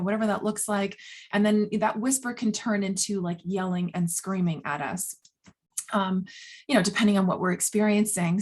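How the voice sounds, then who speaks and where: A woman health coach chats to camera in a loose, animated way, with plenty of filler words. Her voice sits a little high. It has a breathy, husky edge. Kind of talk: casual talk to camera.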